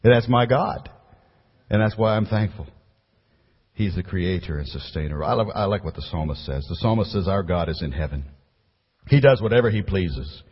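A man preaching a sermon as a pastor, building to emphatic peaks and then dropping low and quiet. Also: animated, moderate pace, husky. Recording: muffled recording with long hall reverb.

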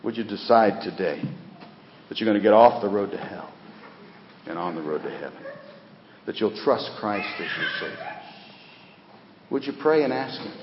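A middle-aged man preaching a sermon in a church, swinging from loud, rising appeals to quiet, dropped phrase endings. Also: lowish voice, animated, normal speed, long pauses, big-room sound, muffled recording, slight background noise. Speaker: pastor. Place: church sanctuary.

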